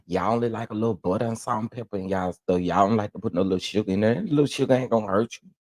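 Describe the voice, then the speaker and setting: A man from Texas with a Southern accent, hosting a casual morning livestream, chatting and reading viewer comments with lively, laughing exclamations. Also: racing, no room sound, clean studio sound. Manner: animated, laughing, jumps into high exclamations. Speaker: livestream host.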